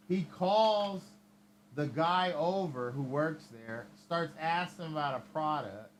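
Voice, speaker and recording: A man's voice: on the high side, a little hiss or hum. Profane man rambling through a story. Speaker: livestream host. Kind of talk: casual storytelling.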